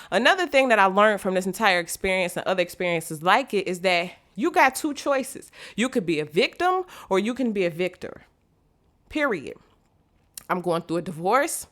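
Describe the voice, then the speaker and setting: A woman vlogger telling a motivational story in casual, slangy talk, speaking straight to viewers and acting out the voices she quotes. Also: mid-range voice. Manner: animated, acts out quoted voices; slangy, direct address to viewers.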